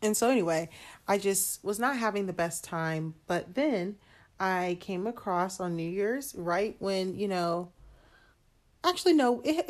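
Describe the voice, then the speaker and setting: A young adult woman hosting a solo podcast, chatting candidly and calling her listeners "y'all" and "honey". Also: medium pitch. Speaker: podcast host. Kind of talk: casual solo podcast talk.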